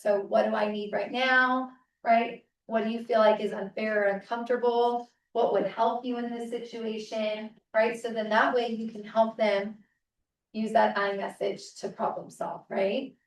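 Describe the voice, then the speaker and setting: A woman's voice: a little high, fairly even intonation, unhurried. A woman presenting a parent seminar in a casual, conversational way, checking in often with the audience. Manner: casual, checks in with frequent "right?". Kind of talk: conversational teaching talk. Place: seminar room. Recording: roomy, distant mic.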